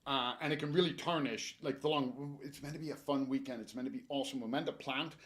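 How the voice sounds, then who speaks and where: A man's voice: medium pitch, fast. Chatty man giving garden tips. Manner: chatty, joking, animated advice. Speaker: garden center staff presenter. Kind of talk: casual gardening talk. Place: garden store.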